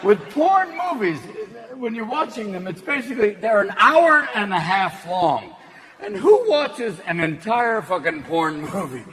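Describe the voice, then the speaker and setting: A man performing manic, rapid-fire stand-up comedy. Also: high-pitched, big pitch swings, a crowd in the background. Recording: noisy live stand-up venue.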